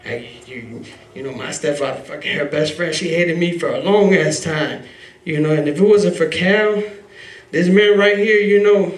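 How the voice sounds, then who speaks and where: A man tells an emotional personal story at a live story slam. He rambles and swears and leans on "you know" as he speaks in a somewhat high voice. He is heard from a distance in a roomy hall. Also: moderate pace. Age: adult father. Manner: rambling, heavy on "you know" fillers, profane; emotional, raw and earnest. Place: live event venue.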